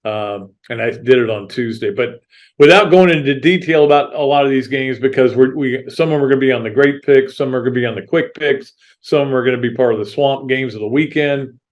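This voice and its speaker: A man's voice: mid-range voice, brisk, lo-fi sound. A middle-aged man hosting a podcast, chatting casually about sports in a rambling, earnest way with many restarts. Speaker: podcast host. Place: studio set.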